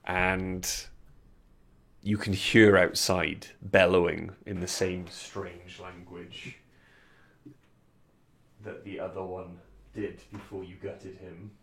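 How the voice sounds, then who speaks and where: Here a game master narrates combat at the tabletop in a deep, level voice with a fairly bright tone. He hands down rulings at a measured pace, often hesitating and using fillers between them.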